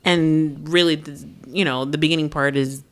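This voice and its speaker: A woman's voice: sits low, steady tone, moderate pace. A woman co-hosting a podcast, rambling through a story with casual swearing. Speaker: podcast co-host. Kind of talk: casual chat.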